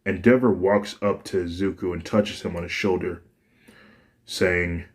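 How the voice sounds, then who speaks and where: A male storyteller with a deep voice reads a fan story aloud, unhurried and plain. His delivery is unpolished, stumbling and restarting now and then. Low pitch and slow pace throughout. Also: steady tone. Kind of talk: fan fiction narration.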